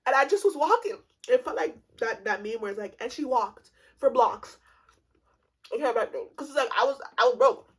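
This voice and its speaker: A young woman in her twenties with a slightly high, husky voice tells a comedic story about her own life. She talks casually and animatedly, swearing freely and breaking into laughter often. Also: sing-song, fast talker, low-quality recording. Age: 20s. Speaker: vlogger.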